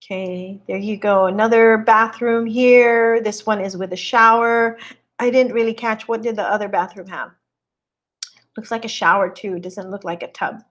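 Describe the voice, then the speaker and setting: A real estate agent leads a relaxed live stream tour of a home for sale, chatting admiringly and saying hello to viewers along the way. Her voice sits mid-range, her tone is steady and her pace moderate, and the audio sounds dull.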